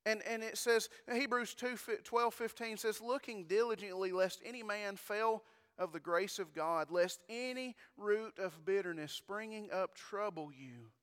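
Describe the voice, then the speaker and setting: A man's voice: sits high, unhurried, a bit bright, clear, resonant tone, in a large hall. A male pastor preaching a sermon in a conversational way, asking the congregation questions and often repeating his words.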